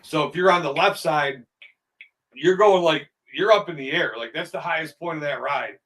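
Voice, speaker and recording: A man's voice: a little high, moderate pace, rough recording. A middle-aged man in casual chat, telling stories with swearing and frequent laughter. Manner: animated storyteller, swears, laughs often.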